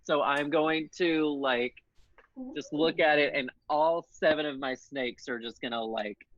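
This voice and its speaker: A man taking his turn in a tabletop game, speaking in a slow, halting way with laughter between words. His voice is a little higher than average and comes through a dull, lo-fi mic. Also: fairly bright tone. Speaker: player. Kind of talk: casual chat.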